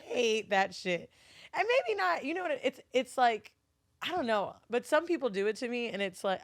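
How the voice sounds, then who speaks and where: Woman from florida chatting on a podcast, animated and cussing, dry close sound. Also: a little high, moderate pace, no echo. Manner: animated, profane, laughing storyteller. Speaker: podcast guest. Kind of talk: casual chat.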